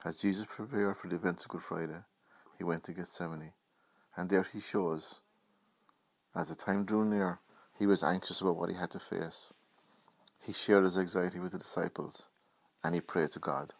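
Man, preacher, sermon with scripture reading, earnest and measured, deep voice. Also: fairly even intonation, creaky, dry recording.

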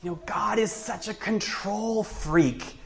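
A man's voice: a little high, very animated, normal speed. A male preacher voicing Eve as a young woman who complains sarcastically in an exaggerated way. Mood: sarcastic griping.

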